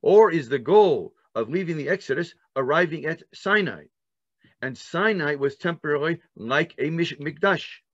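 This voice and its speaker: Older rabbi guy teaching torah, kinda high voice, asks stuff then answers it, dull dry recording. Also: normal speed, dry recording. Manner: animated, enacts words with breath and gasping sounds; asks questions then answers them himself. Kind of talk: Torah lesson.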